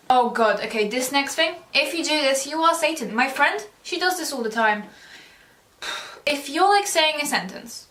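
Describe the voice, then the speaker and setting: A woman's voice: high voice, expressive, a little slow, sharp tone. Teen girl vlogger, sarcastic rambling rant, recorded from a distance in an echoey room. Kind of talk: ranting vlog monologue. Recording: roomy sound, mic far off.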